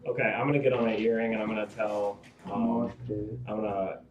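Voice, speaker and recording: A man's voice: fairly low pitch, fairly even intonation, brisk, far from the mic, lo-fi sound, crowd noise. Male tabletop player, roomy echo. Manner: casual, hesitant with uhs and restarts. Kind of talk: tabletop game play.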